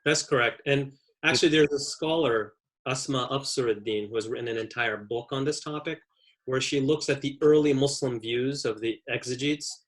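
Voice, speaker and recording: A man with a mid-range voice delivers an academic lecture. He explains each point methodically, defining his terms before moving on. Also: medium pitch. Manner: measured, explanatory. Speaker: guest lecturer.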